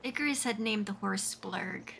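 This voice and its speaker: A woman's voice: mid-range voice, moderate pace, vocal fry, a bit bright, slight background noise. A woman streamer chatting casually while she plays, giggly and rambling, full of "like" fillers. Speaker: game streamer. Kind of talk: casual live-stream chat while playing.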